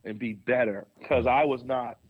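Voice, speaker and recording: A man who is a pastor, telling stories as an interview guest in an animated way, laughing often. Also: mid-range voice, moderate pace, no room sound, phone-quality sound.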